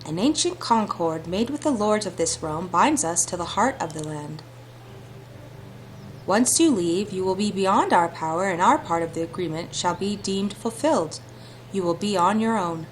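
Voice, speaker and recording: A woman reading aloud as a mysterious lake fairy spirit, slow, hushed and measured. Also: lowish voice, expressive, a little hiss or hum, natural voice. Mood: solemn. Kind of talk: reading visual novel dialogue aloud.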